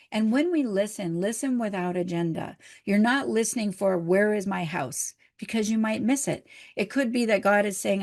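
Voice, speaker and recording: Woman minister, middle-aged, mid-pitched voice; gentle, encouraging sermon delivery. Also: vocal fry. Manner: gentle, encouraging, conversational preaching.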